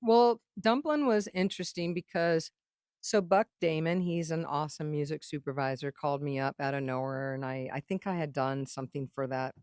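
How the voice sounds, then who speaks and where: A woman's voice: low-pitched, moderate pace, darkish tone, dry recording, studio quality. A woman guest telling long, rambling stories in a casual interview, swearing freely and acting out what others said. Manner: rambling, profane, acts out quoted dialogue. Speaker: guest songwriter and producer.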